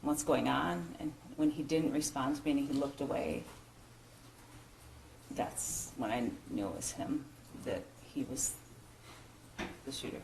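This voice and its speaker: A woman, a school principal, giving halting courtroom testimony with many pauses and restarts. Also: extremely low pitch, animated, warm tone, a little hiss or hum. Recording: roomy courtroom broadcast audio.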